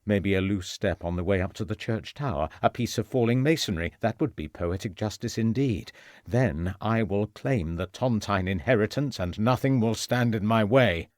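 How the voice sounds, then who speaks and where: A man voicing a scheming, murderous gentleman villain in an audiobook, speaking in a low, sneering, menacing way. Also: moderate pace, no room sound, clean studio sound, natural voice. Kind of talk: audiobook character voice.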